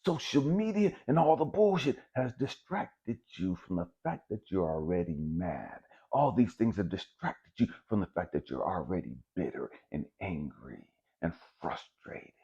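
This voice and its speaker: This spiritual motivational speaker has a husky, fairly high voice with lively, swinging pitch, and he takes his time. His monologue is blunt and profane, repeating points for emphasis, on a dull lo-fi recording.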